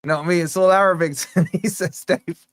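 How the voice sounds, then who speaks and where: A man's voice: high-pitched, steady tone, normal speed, no room sound, clean studio sound. A young man hosting a live football watch-along, bantering with the chat and reading out donation messages in a jokey way. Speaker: fan channel host.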